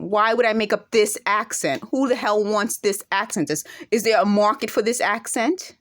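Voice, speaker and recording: Woman, accented, mid-pitched voice, indignant, emphatic, vlog monologue to camera. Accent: speaks with an accent of her own. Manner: indignant, emphatic, rhetorical questions. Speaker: vlogger.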